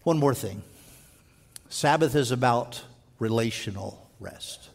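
A man preaching a sermon in earnest, stumbling over restarts and dropping to a slow, quiet voice for emphasis. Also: medium pitch, lively intonation, creaky. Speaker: pastor. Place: church sanctuary. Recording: long hall reverb.

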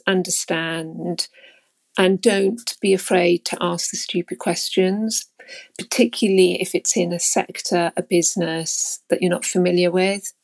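A woman speaks as an interview guest, unhurried and deliberate. Her voice sits low with a gravelly fry. She lays out points one by one. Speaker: guest, head of media relations. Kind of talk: interview answers.

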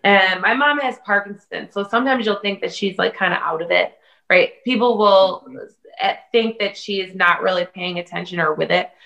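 A woman chef talking as a guest on a video call, telling lively, swear-laced stories and mimicking her family's voices. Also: medium pitch, moderate pace, gravelly, dull audio. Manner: animated storyteller who swears casually and mimics family voices. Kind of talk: casual video-call chat.

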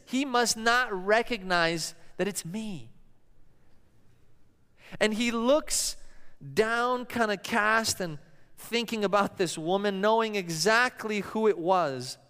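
This sermon comes from a male pastor whose high, clear, smooth voice is a bit bright and carries a long reverb through the church hall. He tells stories as he preaches, acting out the voices of the people he quotes.

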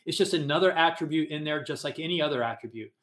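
A man's voice: fairly high pitch, fast talker, fairly bright tone. A man hosting a casual livestream podcast, chatting in a rambling, upbeat way and reading from the chat. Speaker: podcast host.

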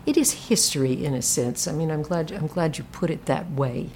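A woman hosting a casual book discussion, speaking hesitantly with many pauses and fillers. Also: sits low, dark tone, slight background noise. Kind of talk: casual book club chat.

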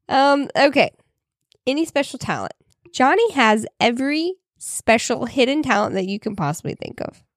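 A woman's voice: on the high side, no room sound, studio quality. A woman co-hosting a podcast, talking in casual chat with many fillers. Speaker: podcast co-host.

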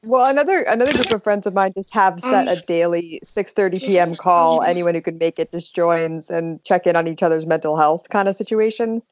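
A woman's voice: on the low side, brisk, hardly any pauses, a crowd in the background. A woman chatting with friends on a group call, blunt and outspoken, swearing at times. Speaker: podcast co-host. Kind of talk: casual group call chat. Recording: dry muffled lo-fi call audio.

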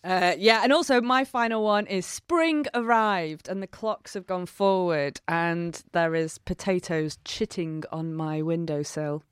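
A woman's voice: lowish voice, clean tone, no room sound, clean studio sound. Bubbly woman co-host. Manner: bubbly, quick to laugh, sarcastic asides. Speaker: podcast co-host. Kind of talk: casual chat.

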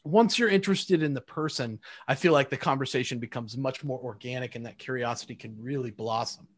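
A man's voice: mid-range voice, a little fast. A man in casual conversation who acts out quoted exchanges as he talks.

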